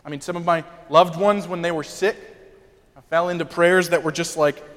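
High-voiced preaching man, lively asides. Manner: animated preaching with quick asides and acted-out quotes. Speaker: pastor. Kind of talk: sermon. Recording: long hall reverb.

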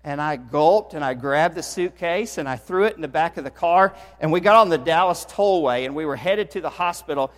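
A man's voice: on the high side, brisk, few pauses. A middle-aged man preaching a sermon as pastor, telling stories with animation and building to emphatic peaks. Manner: animated storytelling, swells in volume for emphasis. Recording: long reverb of a large hall.

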